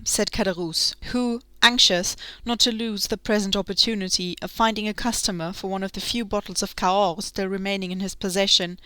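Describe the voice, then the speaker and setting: Bright, crisp woman narrating an audiobook. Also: medium pitch, fairly even intonation, a little fast, few pauses, no room sound.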